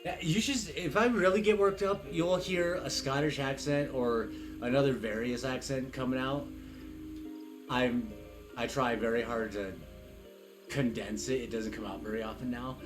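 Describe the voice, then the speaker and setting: Guy from arizona rambling on stream, mid-pitched voice, keeps going off on tangents, game music loud behind. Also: normal speed, poor audio. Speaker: streamer's co-host partner. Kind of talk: casual live-stream chat.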